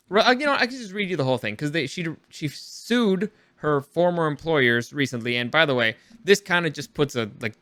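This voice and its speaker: A man's voice: mid-range voice, a bit bright, dry recording. Rambling, opinionated male podcast host. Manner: rambling, self-correcting, opinionated; recording late at night. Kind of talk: casual opinion podcast commentary.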